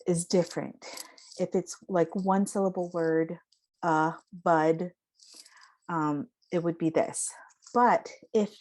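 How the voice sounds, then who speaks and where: A woman teaching a casual lesson, explaining slowly with many fillers and drawn-out example words. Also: on the low side, a little mellow.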